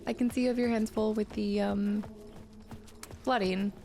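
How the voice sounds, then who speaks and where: A woman's voice: mid-range voice, level tone, normal speed, warm tone, slight background noise. A woman playing a video game and thinking aloud about its story in casual let's play commentary. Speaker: gamer streaming a playthrough.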